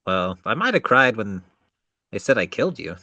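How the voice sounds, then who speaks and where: A low-voiced podcast co-host with a slight Southern drawl, who talks in an earnest, measured, thoughtful way. The sound is dry and close. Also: male voice, big pitch swings, pushed and bright, no echo. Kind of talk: casual podcast banter.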